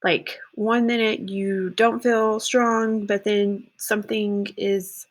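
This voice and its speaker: A woman teacher talking students through a lesson in a casual way, often checking in with "okay" and pausing on "um". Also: medium pitch, little pitch movement.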